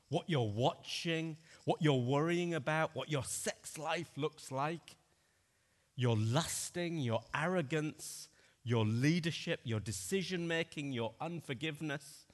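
Dramatic preacher in a reverberant church. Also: male voice, medium pitch. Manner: earnest, dramatic swings between loud and hushed. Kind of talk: sermon. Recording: long reverb of a church hall.

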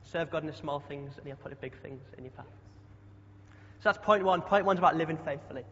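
A man's voice: a little high, brisk, fairly bright tone. A young man preaching a chatty sermon, often asking the congregation questions. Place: church hall. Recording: dull sound with long hall echo.

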